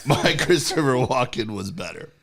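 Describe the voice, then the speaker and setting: A man's voice: medium pitch, big pitch swings, normal speed, gravelly, crowd noise. A man co-hosting a comedy podcast in laid-back, casual chat.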